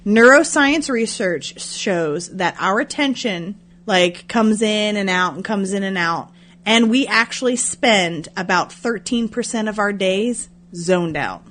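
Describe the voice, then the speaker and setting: A woman's voice: medium pitch, a little slow, fairly bright tone. A woman in her thirties co-hosting a podcast, chatting casually, swearing a lot and laughing at herself. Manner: profane, self-mocking, laughs often. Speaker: podcast co-host. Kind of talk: casual chat.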